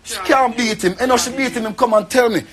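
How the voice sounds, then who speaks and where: A man's voice: very high voice, fairly even intonation, fast, a bit bright. A young man with a Jamaican accent, rambling and pleading in an emotional rant to the camera. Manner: pleading, rambling, repeats himself.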